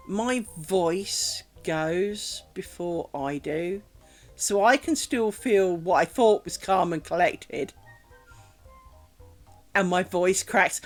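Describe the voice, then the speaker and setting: Chatting casually into a streaming mic while she crafts, a British woman rambles along candidly, poking fun at herself and dropping the odd swear word. She speaks at medium pitch with a fairly bright tone.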